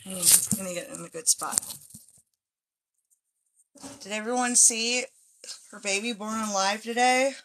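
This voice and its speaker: This woman has a medium pitch and a fairly bright tone, speaking unhurriedly and pausing often. She's a chinchilla breeder chatting casually to viewers on a phone livestream, addressing them directly from her home with stairs, phone in hand.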